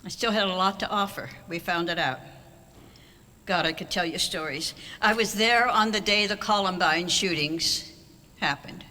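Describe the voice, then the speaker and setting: Older speaker, banquet speech, wry storytelling, crisp bright tone, long hall echo. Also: medium pitch, normal speed. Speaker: award honoree giving a speech. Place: large auditorium hall.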